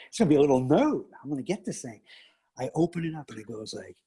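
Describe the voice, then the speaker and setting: Husky and quick, this middle-aged teacher and coach tells stories in an informal interview. Whenever he quotes someone he acts them out, his voice jumping dramatically in pitch.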